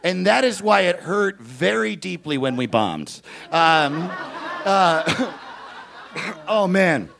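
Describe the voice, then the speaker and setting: A young man doing stand-up, telling a story with lots of energy, shouting out other people's lines and laughing as he goes. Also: sits high, takes it slowly, vocal fry, long pauses. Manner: animated, shouts kid voices, laughs at own story. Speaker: stand-up comedian.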